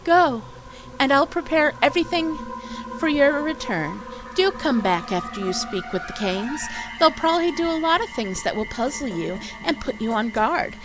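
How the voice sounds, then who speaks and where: A woman streamer reading a game's dialogue aloud, voicing a devoted young townswoman in a soft, sing-song voice. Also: high-pitched, big pitch swings, moderate pace, over music, voice pushed up, rough recording. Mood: earnest.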